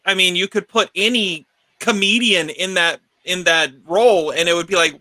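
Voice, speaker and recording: Bright, dry-sounding male podcast host. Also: high voice, moderate pace, no echo. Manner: restarts sentences, animated when arguing. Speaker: podcast co-host leading the segment. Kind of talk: casual film discussion.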